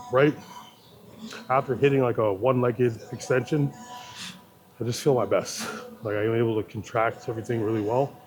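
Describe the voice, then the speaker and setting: A man's voice: mid-range voice, poor audio. A man and fitness vlogger, talking casually and rambling through his explanations with fillers. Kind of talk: casual gym vlog talk. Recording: background music.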